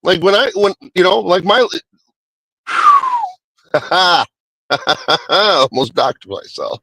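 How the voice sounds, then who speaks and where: A man's voice: high-pitched, wildly swooping pitch, drawn-out words, bright, forceful tone, slightly rough, no echo, rough recording. A man reviewing a movie in a casual, rambling way, swearing often and restarting his sentences. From Hispanic American. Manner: rambling, profane, many restarts.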